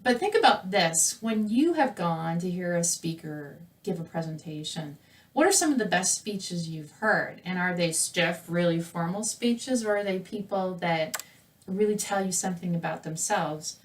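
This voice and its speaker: A woman teaches public speaking in a fairly low voice, talking as if across a café table. Her delivery is lively, and her voice rises and falls. She sits a little back from the microphone. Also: normal speed, far from the mic. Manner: lively conversational delivery, voice rising and falling. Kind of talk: presenting a recorded lesson to camera.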